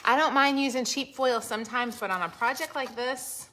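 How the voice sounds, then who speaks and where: A woman talks her viewers through a recipe in her home kitchen, chatty and quick to poke fun at herself. Her voice is bright and clear. A faint hiss sits under the recording. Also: a little high. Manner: chatty, self-deprecating, talks straight to viewers. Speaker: cooking vlogger. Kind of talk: casual cooking demonstration.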